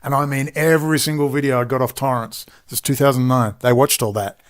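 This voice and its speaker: With a steady tone and mid-range voice, a middle-aged man with an Australian accent talks quickly through a long, rambling personal story. Emphatic asides and frequent digressions pepper his monologue.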